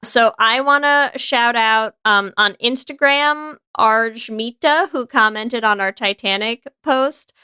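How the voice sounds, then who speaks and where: An American woman co-hosting a podcast, upbeat and quick to laugh in casual chat. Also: on the high side, pushed and bright, clear, resonant tone, no room sound, studio quality. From United States. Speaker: podcast co-host.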